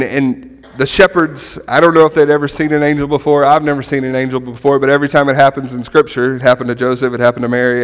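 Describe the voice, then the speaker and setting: A middle-aged man giving a conversational sermon as a pastor, animated and often checking in with "right?". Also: mid-range voice. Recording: long hall reverb.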